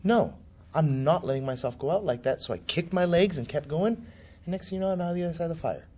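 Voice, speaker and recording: A man's voice: fairly high pitch, fast talker, a little mellow. A man being interviewed as a political candidate, telling a personal story vividly and acting out the voices of the people in it. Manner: vivid, acts out quoted voices.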